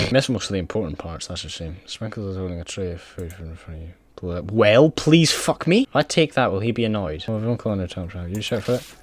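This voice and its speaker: A man playing through a video game, reading its text aloud and reacting in an excitable, sweary way. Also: sits low, fast talker, no room sound. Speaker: game streamer. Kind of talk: let's play commentary.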